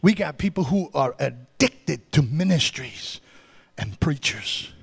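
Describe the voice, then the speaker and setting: A man preaching a sermon, swinging from hushed asides to shouted climaxes and calling out to the congregation. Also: fairly high pitch, expressive, slow, vocal fry, slightly rough. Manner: calls out to the congregation.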